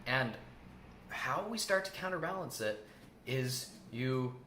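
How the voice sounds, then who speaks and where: A man's voice: medium pitch, expressive, slow pace, bright, forceful tone. A man giving a self-help coaching talk, earnest, repeating his key phrases and acting out the self-talk he quotes. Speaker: host. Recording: echoey room with faint ambient noise.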